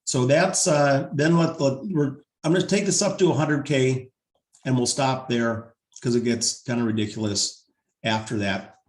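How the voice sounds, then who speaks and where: A man leading a team video call, pitching a pay plan in an upbeat, salesy way and going over the numbers more than once, his voice wearing thin. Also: moderate pace, reverberant. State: losing his voice.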